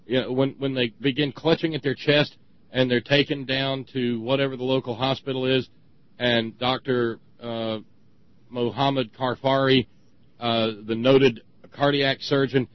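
A man co-hosting a talk show, talking in a sarcastic, ranting way with many halting restarts. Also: medium pitch, no room sound, dull audio. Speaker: podcast co-host. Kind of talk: casual opinion talk.

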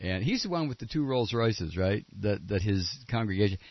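A man hosting a political talk radio show, sarcastic, and now and then breaking into shouted tirades. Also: on the low side, lively intonation, normal speed, dry recording. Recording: dull lo-fi radio broadcast.

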